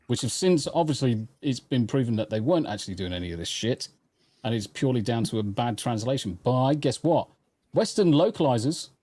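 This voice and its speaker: A man's voice: mid-range voice, mellow. A man hosting a casual online chat show, swearing and joking as he reads out news. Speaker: podcast host.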